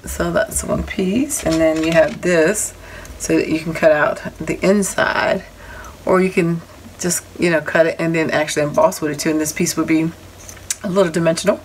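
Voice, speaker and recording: Sitting low and steady in tone, a woman's voice moves at an ordinary speed through a relaxed home vlog. She shows and explains her new craft dies in a talkative way, with a few apologetic side comments. The recording quality is poor and background noise can be heard.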